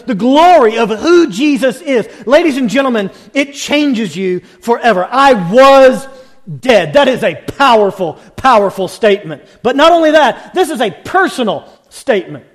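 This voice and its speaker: Man preaching a sermon, really high voice, punchy repeated contrasts that build and build. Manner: rhythmic, building parallel contrasts, emphatic.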